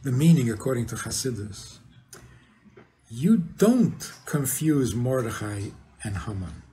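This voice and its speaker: An older man gives a rabbi's informal talk, his voice rising and falling with lively swings. He sits at a middling pitch and keeps turning to the audience with questions, chuckling at his own points. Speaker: rabbi teaching.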